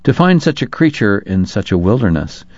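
A man reading an audiobook in a measured, even way. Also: lowish voice, dry recording. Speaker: narrator. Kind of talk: audiobook narration. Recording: dull lo-fi dry recording.

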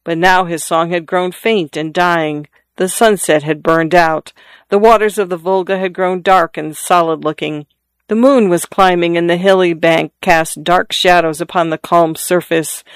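A narrator reading a classic story aloud in a measured, even manner. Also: mid-range voice, clean tone, no echo.

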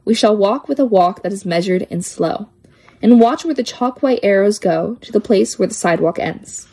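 A woman's voice: mid-range voice, lively intonation, moderate pace, warm tone, husky. A woman reading children's poems aloud with a lilting, playful sing-song delivery. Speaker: poetry reader.

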